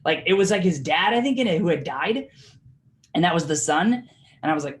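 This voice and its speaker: A man's voice: a little high, brisk. A man leading a real estate training class in a casual, chatty way, with lots of fillers and laughs as he tells stories, heard over a video call. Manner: chatty and informal, many fillers, laughs while telling stories. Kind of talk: casual teaching of a training session.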